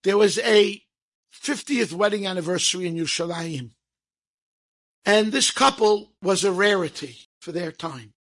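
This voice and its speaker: A man telling stories to an audience in a lively way, acting out the people in them and slipping in Hebrew phrases. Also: sits high, a little slow. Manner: lively, acts out quoted speech, sprinkles Hebrew phrases. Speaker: storyteller. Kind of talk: animated storytelling to an audience.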